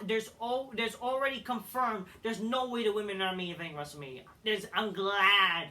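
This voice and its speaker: A man's voice: sits high, normal speed, few pauses, bright, forceful tone, recorded from a distance. A man reviewing a wrestling show in a blunt, profane rant with frequent restarts, recorded away from the mic. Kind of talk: ranting commentary.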